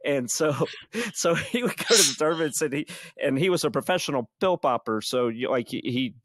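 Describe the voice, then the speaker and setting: A man's voice: fairly high pitch, lively intonation, brisk, fairly bright tone, no echo, clean studio sound. A man hosting a podcast, telling a story in a casual, rambling way and laughing often. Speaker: podcast host.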